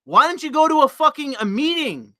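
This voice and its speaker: A man with a high, bright, forceful voice rants on his livestream, rambling and swearing as he answers the chat. He tries to provoke his viewers on purpose. His desk mic is close, and the sound is dry. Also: big pitch swings, dry recording. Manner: rambling, profane, deliberately provocative. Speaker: livestream host reading chat. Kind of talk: casual livestream rant.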